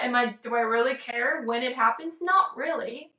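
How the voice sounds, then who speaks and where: Woman, high pitch, chatty business vlog, playful, echoey room, a bit far from the mic. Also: normal speed, sharp tone. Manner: bubbly, exclamatory, playful. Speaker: business coach vlogger. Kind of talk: casual chat to camera. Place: room in a house. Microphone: camera on tripod.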